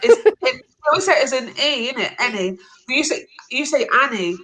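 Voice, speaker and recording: Woman panelist, casual, chatty and giggly, somewhat high voice. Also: animated, brisk, fairly bright tone, rough recording. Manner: chatty, giggly, stumbling restarts. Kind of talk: casual live panel chat.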